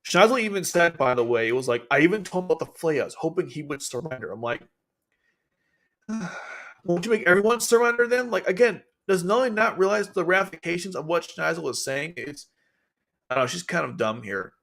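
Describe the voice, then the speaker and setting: A man streaming casual commentary on an anime, animated and quick to act out characters' lines. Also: on the high side, gravelly.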